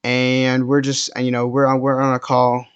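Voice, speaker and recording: A man's voice: mid-range voice, monotone, moderate pace, clean tone, dull audio. A teenage boy telling a personal story in a casual, rambling way, full of fillers and restarts. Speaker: storytime vlogger.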